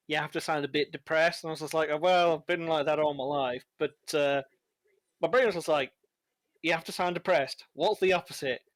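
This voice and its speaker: A man's voice: a little high, fairly bright tone, dry recording. An Irish man chatting and joking while streaming a video game, laughing often at his own stories. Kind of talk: casual chat over gameplay.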